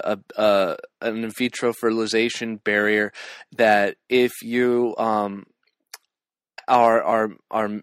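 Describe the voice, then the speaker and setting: A man from California runs through a casual news roundup for his vlog. His voice sits on the low side and he hesitates often, with many ums and restarts. The recording is dry, with no room sound. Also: creaky, fairly bright tone, no room sound. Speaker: vlogger and community organizer.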